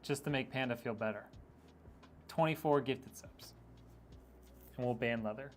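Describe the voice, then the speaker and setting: A man's voice: medium pitch, unhurried, slight background noise. A man streaming a PC build, chatting casually and teasing viewers as he reads their messages, with frequent laughs. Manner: joking, teasing, laughs often.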